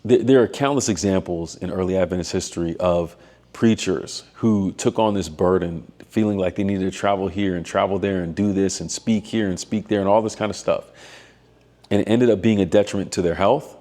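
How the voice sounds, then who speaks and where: Male vlogger, low and warm, measured reflective faith talk with fillers. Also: steady tone. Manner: thoughtful, measured, with frequent fillers and restarts. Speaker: doctoral student and missionary vlogger.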